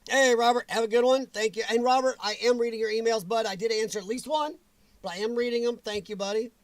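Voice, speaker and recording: A man's voice: very high voice, fairly even intonation, fast talker, no echo. A man hosting a livestream in casual chat, greeting viewers by name and laughing often, his voice strained and weakened. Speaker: livestream host.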